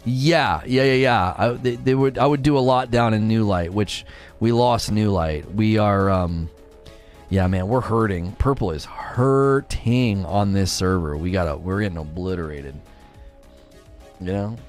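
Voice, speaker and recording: With faint music in the background, a man at a measured pace chats on a live stream while gaming. He reads the chat aloud and answers viewers in a chatty way, his pitch rising and falling animatedly.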